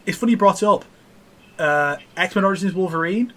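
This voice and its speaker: A man's voice: sits high, a little fast, bright, forceful tone, slight background noise. A man hosting a casual gaming trivia chat, often stumbling and repeating words. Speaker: podcast host running a trivia iceberg.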